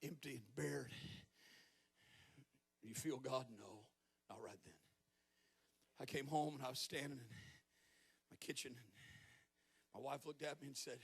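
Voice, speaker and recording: A man in his fifties preaching a sermon as a guest preacher at a church service, telling stories with joking asides and rising to shouted peaks. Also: mid-range voice, measured pace, gravelly, pauses often, slightly rough. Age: 50s.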